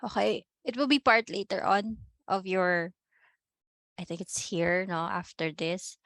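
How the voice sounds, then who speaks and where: A Filipino-accented woman leads an online class at an unhurried pace and talks patiently through each point. She slips between English and Tagalog and keeps checking in with her students. Her computer mic sounds close and dry. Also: lowish voice, a bit bright, no echo. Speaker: Spanish teacher.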